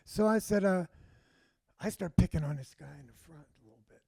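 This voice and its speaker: A man's voice: high voice, fairly quick, gravelly, dark tone, breathy edge, dry recording. A man, a stand-up comedian, telling rambling stories in casual chat and repeating himself as he goes. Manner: rambling anecdotal storytelling with repeats.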